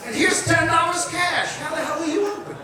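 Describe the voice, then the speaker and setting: Brash middle-aged comic doing profane stand-up; very high voice, booming echo, mic far off, audience audible. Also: male voice, fairly quick, a crowd in the background. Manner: brash and profane, breaking into shouts. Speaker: stand-up comedian. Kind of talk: stand-up comedy set. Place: comedy show venue. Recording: echoey room, distant mic, audience.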